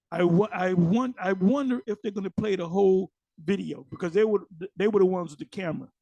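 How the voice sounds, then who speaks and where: A man giving a casual religious commentary. He talks loosely and restarts often, and he slows down when he reads scripture aloud. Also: high-pitched, gravelly, dark tone, no room sound. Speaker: religious elder and teacher.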